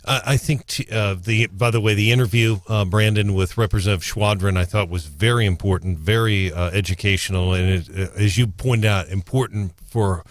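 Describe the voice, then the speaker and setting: Hesitant radio co-host, low dry voice. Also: male voice, normal speed, hardly any pauses, no room sound. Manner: earnest, hesitant, reads out quotes. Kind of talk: talk radio discussion. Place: radio studio.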